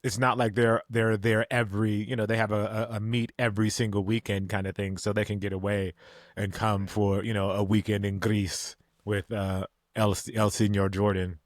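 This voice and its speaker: A man's voice: fairly low pitch, flat delivery, normal speed, no room sound, studio quality. A middle-aged man co-hosting a podcast in casual chat, joking about himself. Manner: joking, self-deprecating. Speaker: podcast co-host.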